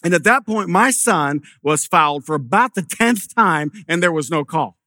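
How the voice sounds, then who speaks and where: Bright-voiced male pastor preaching. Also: fairly high pitch, lively intonation, normal speed, no room sound, studio quality. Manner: conversational preaching with storytelling and repeated restarts. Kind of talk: sermon.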